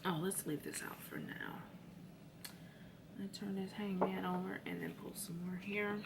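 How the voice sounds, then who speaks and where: A woman's voice: mid-range voice, flat delivery, normal speed, gravelly, very noisy. A woman giving a casual tarot reading, chatty and slangy, talking straight to her viewers. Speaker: tarot reader.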